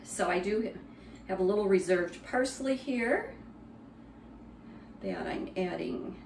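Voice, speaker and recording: Slow-talking woman demonstrating a recipe. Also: medium pitch, creaky, reverberant, distant mic, noisy background. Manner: relaxed, conversational explaining with fillers. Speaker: cooking demonstrator. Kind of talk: cooking demonstration. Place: kitchen.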